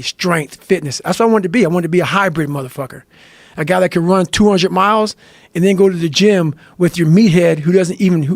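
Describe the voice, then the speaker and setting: A man's voice: sits high, gravelly, no echo. A man telling motivational stories as a podcast guest, intense and blunt, swearing in almost every sentence. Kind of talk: profane motivational storytelling.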